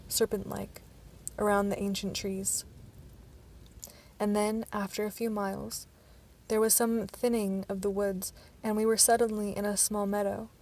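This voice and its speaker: Woman with a gravelly, flat reading voice. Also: medium pitch. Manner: stumbling, with restarts. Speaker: audiobook narrator. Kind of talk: amateur audiobook reading.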